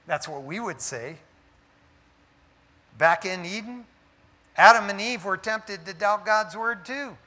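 A man's voice: sits high, expressive, takes it slowly, long pauses, bright, forceful tone. A man preaching a sermon in an emphatic, conversational way, often dropping in "man" as he speaks. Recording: echoey hall reverb.

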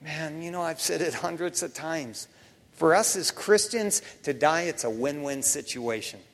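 A man's voice: sits high, long reverb tail. A middle-aged male pastor preaching a sermon in a casual, emphatic way, often dropping "man" and "you know" into his lines.

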